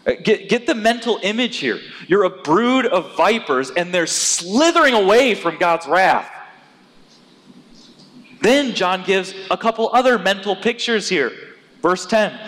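Male pastor, fairly high voice, animated sermon delivery with loud emphatic peaks, big hall reverb. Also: moderate pace.

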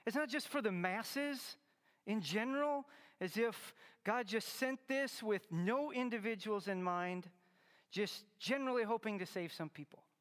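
A man's voice: high-pitched, measured pace, fairly bright tone, big-room sound. A man preaching a Christmas sermon, earnest and teaching, pressing hard on key words. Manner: earnest, teaching, rising to emphatic stresses. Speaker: pastor.

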